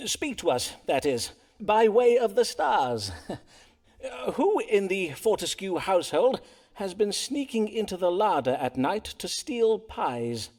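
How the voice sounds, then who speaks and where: Casting: courtly Elizabethan star-reading physician, raised voice, very lively inflection, ornate old-fashioned speech. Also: male voice, sits high, measured pace, heavily acted. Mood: courteous. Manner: florid archaic courtly speech. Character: learned Elizabethan astrologer-doctor, courteous and wordy. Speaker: astrologer. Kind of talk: period game voice acting.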